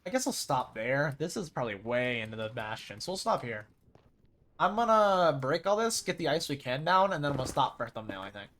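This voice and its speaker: A man's voice: mid-range voice, big pitch swings, fairly quick, slight background noise. A young man streaming a video game, chatting casually and rambling as he plays. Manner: rambling, chatty, with sudden loud mimicking shouts. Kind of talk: casual gameplay chat.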